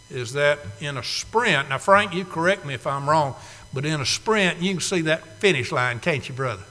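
Man, preacher, folksy sermon, bright forceful tone, loud then hushed, long church reverb. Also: mid-range voice. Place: church sanctuary.

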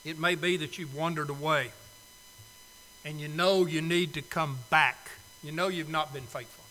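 Male preacher, high bright voice, slow pleading invitation, long hall reverb. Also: fairly even intonation. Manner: pleading, swells loud then drops soft. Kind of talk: sermon invitation. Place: church sanctuary.

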